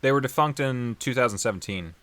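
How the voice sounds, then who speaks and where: A man's voice: medium pitch, brisk, a bit bright. A man co-hosting a casual podcast chat, rambling with lots of fillers and frequent laughs. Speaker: podcast co-host.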